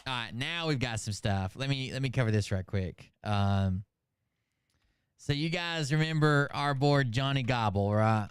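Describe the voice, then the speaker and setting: A man's voice: mid-range voice, unhurried, clear, resonant tone, no room sound, studio quality. A man hosting a stream and chatting loosely and profanely while reacting to videos. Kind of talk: casual live commentary.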